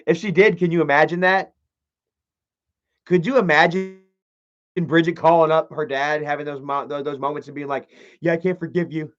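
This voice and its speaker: A man's voice: on the high side, fairly even intonation, normal speed, pauses often, fairly bright tone. A man giving casual livestream commentary, profane and mocking, reading chat messages aloud. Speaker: live streamer. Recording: muffled lo-fi stream audio.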